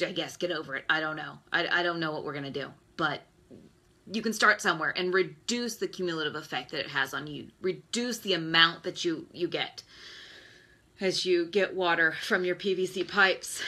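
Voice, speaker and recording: Bright and forceful, her voice sitting lowish, the host of this Facebook Live session is a woman in her thirties. She rants about everyday hazards, clearly exasperated.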